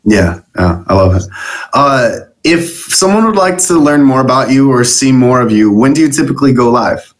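A man hosting a casual live-stream interview, playful and quick to laugh at himself, with frequent fillers. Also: mid-range voice, lively intonation. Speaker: show host.

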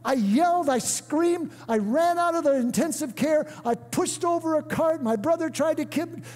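An older man preaching a sermon, emphatic, breaking into shouts and calling on the congregation to answer. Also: very high voice, normal speed. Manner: emphatic, bursts into shouts and calls for response. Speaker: guest preacher. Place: church sanctuary. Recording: echoey church hall.

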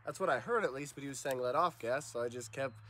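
A man's voice: mid-range voice, animated, very fast, fairly bright tone, a little hiss or hum. A young man chatting casually and joking, telling a story in loose starts and stops. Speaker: friend of the host. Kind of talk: casual chat.

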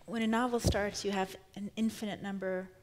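A woman novelist in her thirties, appearing as a guest onstage in a live conversation, speaks fairly quickly at a medium pitch with a steady tone. She sounds thoughtful and searching, frequently starting her sentences over.

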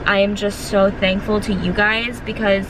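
A woman's voice: medium pitch, little pitch movement, moderate pace, background noise. A woman in her twenties vlogging in a casual, earnest way, full of filler words. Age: 20s. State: emotional, close to tears. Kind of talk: casual vlog chat.

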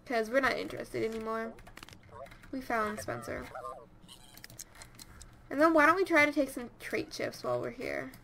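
A woman giving casual let's-play commentary, chatty and easily excited, talking straight to her game characters. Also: a little high, moderate pace, creaky, pauses often, a little hiss or hum. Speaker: gameplay commentator.

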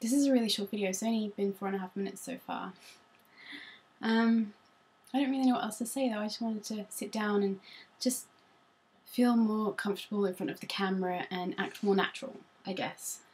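A woman's voice: mid-range voice, fairly even intonation, fairly quick, a little mellow. A young woman from Norfolk with a Norfolk English accent, chatting casually to camera at home as a beauty vlogger, rambling and self-conscious with many ums. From Norfolk, England.

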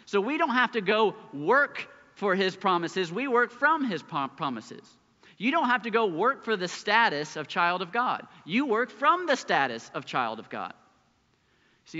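Preaching man in an echoing church. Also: high-pitched. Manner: earnest preaching, swings between loud emphasis and hushed lines. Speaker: pastor. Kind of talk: sermon. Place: church sanctuary. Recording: muffled church recording with long hall reverb.

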